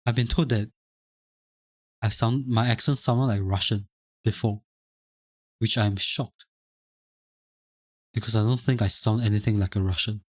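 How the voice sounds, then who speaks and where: A man's voice: fairly low pitch, steady tone, measured pace, long pauses, no echo, studio quality. A young man from Singapore with a light Singaporean English accent, chatting casually on a live stream, rambling and restarting his sentences. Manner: chatty, rambling, many restarts and stammered repeats. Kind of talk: casual live-stream chat, reading chat aloud.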